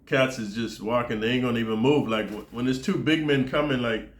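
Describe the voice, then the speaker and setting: A man's voice: mid-range voice, a little fast, reverberant. An American man vlogging in a casual monologue, rambling and profane, constantly tossing in "dude" and "man". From United States.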